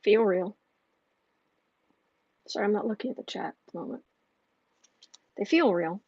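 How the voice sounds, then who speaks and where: A woman's voice: mid-range voice, normal speed, gravelly, a little mellow, husky, highs cut off. A woman hosting a livestream tarot reading, heated and ranting, often restarting her sentences. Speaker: tarot reader and channel host.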